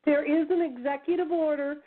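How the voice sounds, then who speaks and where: A woman's voice: high-pitched, steady tone, brisk. A woman hosting a casual radio talk, earnest and running on in long sentences. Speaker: host. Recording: phone line.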